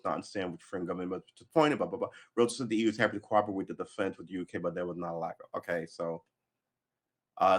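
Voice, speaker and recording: A man reading news articles aloud on a livestream, stumbling over the text and adding sarcastic asides. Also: deep voice. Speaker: livestream host.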